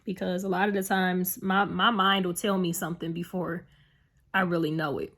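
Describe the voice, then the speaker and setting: A woman's voice: fairly low pitch, flat delivery, normal speed, a bit bright. A young woman vlogging to camera, telling a personal story in a rambling, earnest way full of fillers. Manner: emotional, heartfelt retelling.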